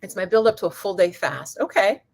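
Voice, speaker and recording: A woman's voice: medium pitch, expressive, a little fast, creaky, darkish tone. A woman hosting a holistic wellness channel, chatting casually on a live stream, answering comments and calling viewers goddess and my love. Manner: rambling, with many restarts and asides.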